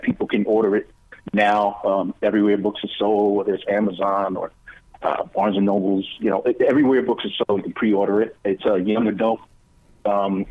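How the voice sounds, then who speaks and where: Lower-voiced man on a tinny phone line. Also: slightly rough. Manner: relaxed and hesitant, many fillers. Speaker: guest actor and author. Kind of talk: interview by phone.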